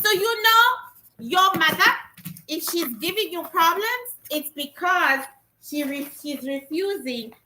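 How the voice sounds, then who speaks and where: A woman in her thirties from Africa, chatting excitedly while unboxing gifts in a casual vlog. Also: very high-pitched, takes it slowly. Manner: excitable, exclaims often, chatty. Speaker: vlogger.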